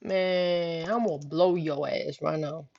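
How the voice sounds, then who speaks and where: A woman's voice: sits low, steady tone, slow, gravelly, darkish tone, muffled recording, exaggerated voice. Tough protective guy, profane and threatening, played by a woman. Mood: angry. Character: tough young man, angry and protective.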